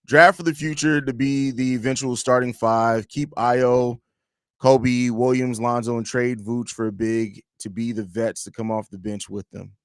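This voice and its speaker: A man's voice: medium pitch, fairly even intonation, measured pace, no room sound, clean studio sound. A man hosting a casual live-stream sports talk show from home, opinionated and rambling, often restarting his sentences. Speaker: host of a basketball fan podcast.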